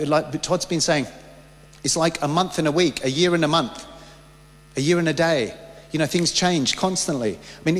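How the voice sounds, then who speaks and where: A man preaching a sermon, fervent and anecdotal, often restarting his sentences. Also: fairly high pitch. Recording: long hall reverb.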